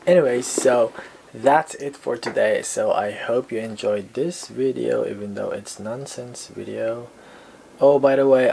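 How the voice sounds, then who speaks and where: A man's voice: mid-range voice, vocal fry, a little mellow, a little hiss or hum, poor audio. A young man with a Filipino accent chatting casually and playfully to camera in a vlog, rambling with chuckling asides. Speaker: vlogger.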